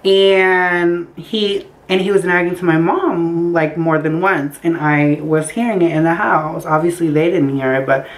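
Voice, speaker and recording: A young woman telling a story casually in her bedroom, animated and acting out the quotes. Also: on the low side, unhurried, few pauses, rough recording. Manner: animated, acts out quotes with voices. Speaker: storytime vlogger. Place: bedroom by a window.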